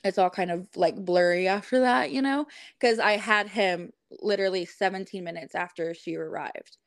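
A woman's voice: medium pitch, normal speed, no room sound. A woman guest on a podcast, casually telling a story in a chatty way with lots of fillers. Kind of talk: casual chat.

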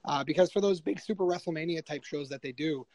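A man, a wrestler guest, telling stories in a rambling, animated way with many restarts. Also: on the high side, fast, highs cut off, a little hiss or hum. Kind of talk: casual storytelling.

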